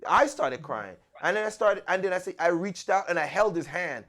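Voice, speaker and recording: A man's voice: sits high, expressive, normal speed, fairly bright tone. A man hosting a podcast, telling a personal story in an earnest, conversational way and often repeating words as he restarts. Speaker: podcast host.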